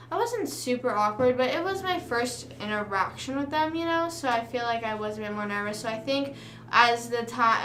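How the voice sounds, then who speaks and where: A woman's voice: a little high, sharp tone, a little hiss or hum. Chatty young woman streamer, roomy. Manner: chatty, rambling storytelling with quoted dialogue. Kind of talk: casual chat while gaming live. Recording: roomy room with music playing.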